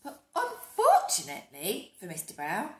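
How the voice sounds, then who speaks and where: A woman reading a picture book aloud to children, animated, with hushed whispered asides to her young listeners. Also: medium pitch, normal speed. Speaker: storyteller. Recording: echoey room.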